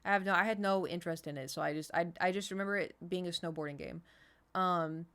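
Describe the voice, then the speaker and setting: A woman's voice: lowish voice, fast, a bit bright, clear, resonant tone. A woman in her thirties, streaming and chatting casually, rambling through an anecdote and answering chat as she goes.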